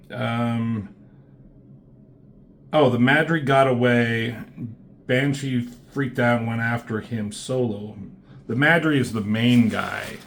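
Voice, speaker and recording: A man casually talking through comic book pages, rambling and swearing, with lots of fillers and restarts. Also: medium pitch.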